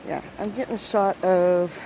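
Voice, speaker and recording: A woman's voice: lowish voice, fairly even intonation. A woman vlogging outdoors on a flooded farm, chatting to the camera and jokingly grumbling at her animals. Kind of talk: casual vlog narration. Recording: outdoor noise, running creek water. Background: rushing water.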